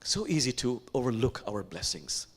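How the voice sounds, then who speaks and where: Male imam preaching, lively rising and falling voice, reflective with whispered asides. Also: medium pitch, breathy edge. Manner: reflective, slow with pauses, drops to whispers. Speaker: imam giving a sermon. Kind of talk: sermon.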